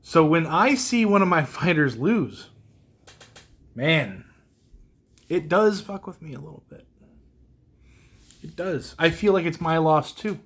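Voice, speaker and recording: A young man talks through a casual solo podcast, emotional and rambling, laughing at himself as he goes. His voice sits a bit high for a man. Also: lively intonation, takes it slowly, pauses often, fairly bright tone. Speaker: podcast host.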